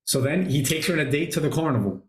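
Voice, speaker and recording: Excitable swearing man in a roomy room. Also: fairly high pitch, quick pace. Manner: swears a lot, retells scenes excitedly. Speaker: podcast host. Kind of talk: casual movie review chat. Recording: roomy echo.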